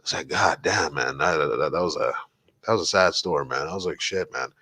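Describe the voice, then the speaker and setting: A man's voice: very deep voice, animated, a little fast, bright, forceful tone, husky, no room sound. A man hosting a casual podcast, rambling and swearing, full of fillers like "like" and "man". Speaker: podcast host. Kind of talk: casual solo podcast chat.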